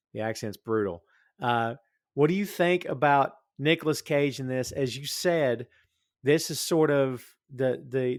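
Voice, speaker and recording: A man's voice: medium pitch, no echo, studio quality. A man with a Southern US accent hosting a podcast, chatting casually with many fillers and frequent laughs. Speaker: podcast host.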